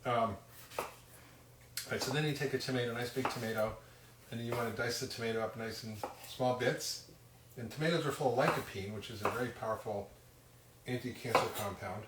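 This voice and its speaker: A man's voice: medium pitch, steady tone, brisk, pauses often, very noisy. A man hosting a casual live cooking demonstration from his home kitchen, chatting in a self-deprecating way with many fillers. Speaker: cooking show host. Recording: roomy, distant kitchen sound with loud clatter. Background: cutlery, dishes and chopping clatter.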